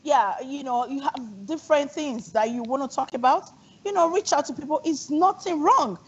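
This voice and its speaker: A woman's voice: sits high, moderate pace. A woman hosting a talk show, affirming and steering the conversation. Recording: dull lo-fi sound.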